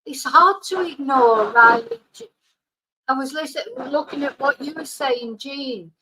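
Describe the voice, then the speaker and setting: A woman's voice: high voice, unhurried, pushed and bright, a little hiss or hum, poor audio. A woman hosting a casual live stream, chatting with viewers and soothing her dog. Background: faint fireworks.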